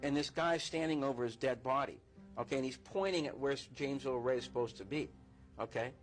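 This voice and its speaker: A man telling an animated anecdote, acting out the quoted exchanges. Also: medium pitch, a little fast, faint music behind, low-quality recording. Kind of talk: storytelling.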